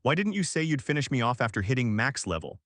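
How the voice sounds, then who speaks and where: Bring a brash young summoner, boastful one moment and flustered the next, as a male narrator puts him on. His pitch should swing widely over a dry, close sound. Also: sing-song, fast talker, fairly bright tone, no room sound.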